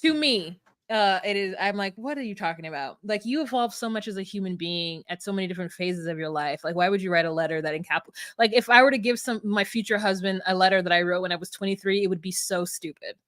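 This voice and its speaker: A woman's voice: mid-range voice, fast talker, hardly any pauses, no room sound, clean studio sound. A young woman co-hosting a casual recap chat, laughing often and acting out what people said. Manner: laughing, animated, acts out quotes. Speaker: podcast co-host.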